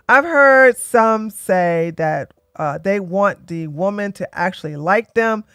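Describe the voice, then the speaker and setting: A woman's voice: mid-range voice, animated, slow, hardly any pauses, fairly bright tone, clean tone, no echo, clean studio sound. A woman in her forties hosting a livestream, blunt and joking as she comments and tells stories. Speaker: livestream host. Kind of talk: casual commentary and storytelling.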